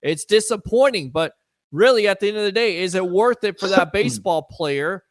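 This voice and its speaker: A man hosting a casual sports talk radio show, chatting fast and taking phone calls. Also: high-pitched, animated, no echo.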